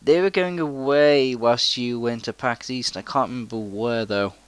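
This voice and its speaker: A man's voice: mid-range voice, moderate pace, a little hiss or hum. A young man co-hosting a casual gaming podcast, laid-back and swearing freely as he chats. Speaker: podcast co-host. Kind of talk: casual chat.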